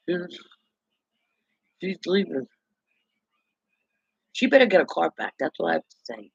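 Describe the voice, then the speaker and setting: A man's voice: high-pitched, a bit bright, husky, dry recording. A man in a rambling, indignant gossip monologue, talking to himself. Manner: chatty, indignant, talks to himself. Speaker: vlogger. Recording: dull lo-fi dry recording.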